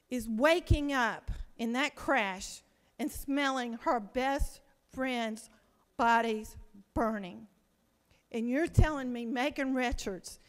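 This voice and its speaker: A woman state senator gives an impassioned floor speech, pleading and asking rhetorical questions. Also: on the high side. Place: large legislative chamber. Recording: long reverb of a large chamber.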